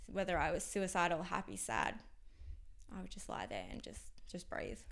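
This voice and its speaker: A young Australian woman appears as a podcast interview guest, speaking in halting, candid phrases with a gravelly fry. She often trails off to a near whisper. Her voice is lowish and a bit bright, with big pitch swings.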